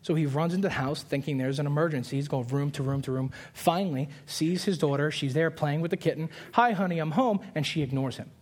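Preaching a sermon from the pulpit, this man in his 20s has a voice pitched a little high for a man. He tells stories using animated put-on voices and quick asides, then grows earnest and repeats his key lines for emphasis.

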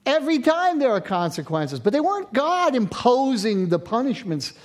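A man in his sixties, a pastor preaching a sermon, moving from loud emphatic lines to hushed near-whispers. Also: very high voice, big pitch swings, normal speed.

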